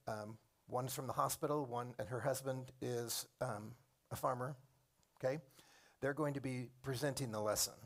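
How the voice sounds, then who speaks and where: A man's voice: mid-range voice, a bit bright. A middle-aged man, a program coordinator and former teacher, giving a chatty, digressive classroom orientation and calling on students by name.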